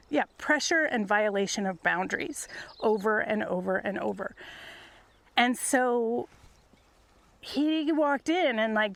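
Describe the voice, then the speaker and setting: Middle-aged woman rambling into a phone memo outside with her horses, gravelly edge, confiding, laughs a lot. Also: medium pitch, no echo. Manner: reflective and confiding, laughs often. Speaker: podcast host. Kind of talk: casual voice memo.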